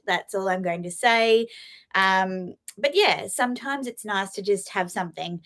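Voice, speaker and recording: Gushing woman on a live stream. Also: mid-range voice. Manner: gushing and emotional, with frequent laughs and fillers. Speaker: luxury fashion vlogger hosting a live stream. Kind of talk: casual live-stream chat.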